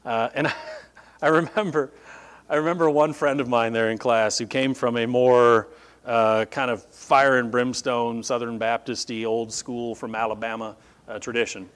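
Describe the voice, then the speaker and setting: A middle-aged man preaching a sermon as pastor, telling stories with lively shifts and acting out the people he quotes. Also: mid-range voice, normal speed. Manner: animated storytelling, voices quoted speakers.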